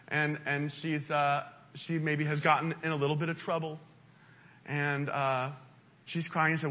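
A male pastor delivering a sermon in a church, with an impassioned delivery that swings up and down in pitch. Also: fairly even intonation, normal speed. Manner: impassioned, pitch rising and falling widely. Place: church sanctuary. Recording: dull lo-fi sound.

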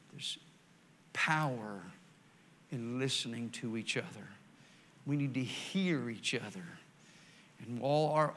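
An older man preaching, telling folksy stories and swinging from loud emphatic lines to quiet, slow ones. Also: mid-range voice, slight background noise. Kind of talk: sermon.

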